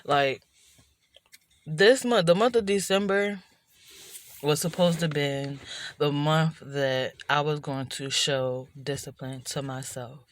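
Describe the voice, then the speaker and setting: A woman with a low-pitched voice, in a dry recording, talks through her feelings in a reflective personal vlog made indoors at night. She rambles introspectively, restarting often and saying "you know" a lot.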